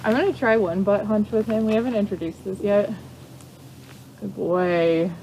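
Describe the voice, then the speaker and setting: Young woman, chatty instructor at the barn, easy middle pitch, faint ambience. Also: quick pace, a little hiss or hum, rough recording. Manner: chatty, explains freely, coos softly to the horse. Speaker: equine exercise instructor. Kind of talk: casual instructional talk while working a horse. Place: at a horse barn or paddock.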